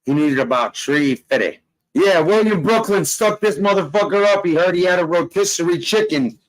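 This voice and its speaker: A man talking in loud, swaggering, profane casual banter, laughing often and cursing constantly. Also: sits high, expressive, normal speed, poor audio. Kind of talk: profane casual banter on a live audio chat.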